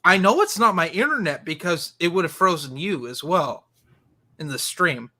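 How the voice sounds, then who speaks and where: A man keeps a casual online movie watchalong going with a bright, forceful voice. He sits a touch high in pitch, jumps in with excited reactions and laughs easily among friends. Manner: excitable, quick to laugh, counts down playback. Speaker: watchalong host. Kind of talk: casual group chat over a movie.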